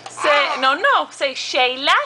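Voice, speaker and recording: High, lively mother coaxing toddlers. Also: slow pace, very noisy. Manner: coaxing, sing-song baby talk. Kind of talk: home video chat with toddlers.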